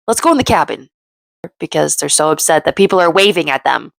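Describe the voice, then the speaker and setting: A woman talks through a reality show episode as a casual recap host, chatty and opinionated, acting out the quotes as she goes. Her voice sits a little low and carries a gravelly fry. The sound is dry and close, with no room around it. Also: animated, fairly quick, no echo.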